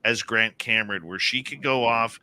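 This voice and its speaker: A man hosting a radio talk show, speaking earnestly and haltingly with many restarts. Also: mid-range voice, bright, forceful tone, clear, resonant tone. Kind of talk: casual on-air talk.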